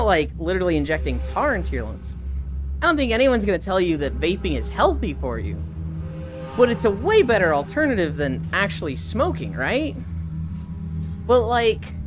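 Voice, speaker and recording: A streamer in loose, casual chat with viewers, voice bouncing up and down in pitch. They laugh a lot and read chat messages aloud as they go, with faint music playing under the talk. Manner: chatty, laughs often, reads chat aloud. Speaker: live streamer.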